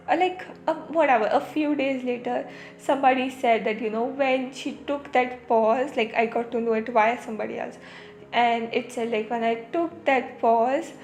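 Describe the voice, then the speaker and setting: A woman hosting a podcast, talking in a rambling, reflective way full of fillers and restarts, and easing into a slow, soothing tone. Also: high voice, reverberant. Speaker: podcast host. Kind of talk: reflective spiritual talk.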